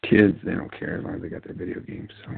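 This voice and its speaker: Gravelly low-voiced man on a tinny line. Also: level tone, fast. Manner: mumbling, rambling, sardonic. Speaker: podcast host. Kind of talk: rambling casual monologue. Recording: tinny phone-like line, dry.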